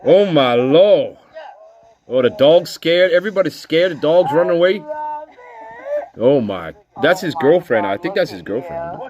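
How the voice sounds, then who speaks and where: Male stream host, fairly high voice, very lively pitch, slow delivery, giggly and joking. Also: highs cut off, a crowd in the background. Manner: giggly and joking, laughs between lines; drops into breathy whispers at times. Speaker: livestream host. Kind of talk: casual livestream chat.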